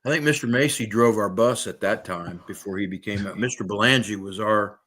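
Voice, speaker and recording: Older ex-coach; low-pitched, soft-spoken reminiscer. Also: male voice, fairly quick.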